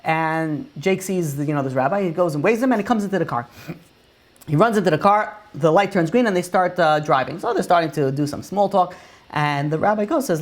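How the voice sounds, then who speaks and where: A man's voice: fairly high pitch, animated, brisk. A man, a rabbi, telling a story in a casual way, full of "you know" and "like" fillers. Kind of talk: oral storytelling.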